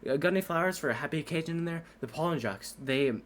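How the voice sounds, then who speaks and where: Guy speed-reading a movie script, super fast, mid-pitch, trips over words, faint hiss behind. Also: a bit bright. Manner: reads every character at breakneck speed in his own voice, stumbling over words. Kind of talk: rushed comedic script reading.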